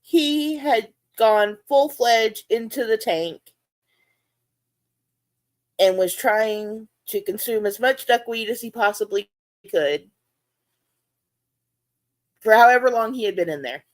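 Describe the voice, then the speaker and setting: A woman chats casually beside her fish tank, her voice sitting a little high. She tells stories with lots of laughter and leaps into squeaky, dramatic reenactments of what she said. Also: slow, pauses often. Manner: animated storyteller, laughs often, jumps into high-pitched reenactments. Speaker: aquarium channel host. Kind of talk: casual chat to livestream viewers.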